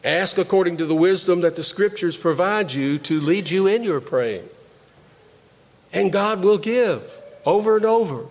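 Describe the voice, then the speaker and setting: A man preaching a sermon, slow and deliberate, pausing and repeating phrases as he teaches. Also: high voice, expressive, a little mellow, in a large hall. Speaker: pastor.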